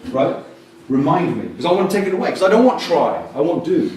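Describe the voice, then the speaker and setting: A man delivers an animated keynote at a conference, his pitch jumping all over as he jokes and acts out little scenes. He sits a bit high for a man and sounds far from the mic. A big echoey hall rings around him, with faint room noise underneath. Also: a little fast. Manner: lively, jokey, acts out quotes in voices. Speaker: conference speaker.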